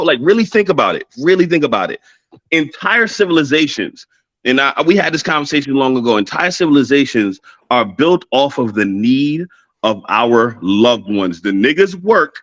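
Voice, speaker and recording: A man co-hosting a casual podcast, making his point forcefully and preachily, with frequent swearing. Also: mid-range voice, no room sound. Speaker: podcast co-host. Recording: dry, dull lo-fi sound.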